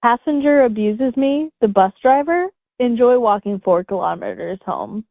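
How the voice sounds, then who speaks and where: A woman's voice: fairly high pitch, expressive, normal speed, dry recording. Woman reading stories over phone-like audio. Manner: reads steadily with light laughs and asides. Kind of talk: casual chat, reading stories aloud.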